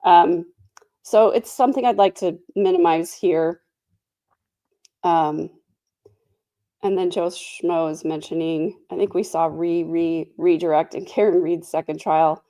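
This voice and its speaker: A woman with a lowish, mellow voice chats her way through a true crime livestream. She is reflective and unhurried, full of "um" and "you know," and answers viewers as she goes. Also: steady tone. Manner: chatty, reflective, many fillers. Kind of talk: casual livestream commentary.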